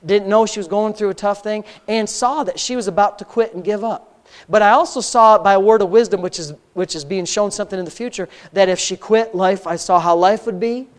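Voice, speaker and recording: Middle-aged male pastor, fervent storytelling sermon, builds to loud passionate peaks. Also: sits high, fairly quick. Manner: storytelling, voice rising to impassioned near-shouting. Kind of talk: testimony sermon.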